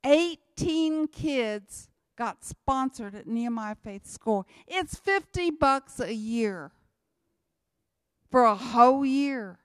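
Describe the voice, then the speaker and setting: A woman's voice: on the high side, lively intonation, slow, clean tone, dry recording. Woman giving emphatic church testimony. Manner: repetitive, emphatic storytelling. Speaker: missionary speaker.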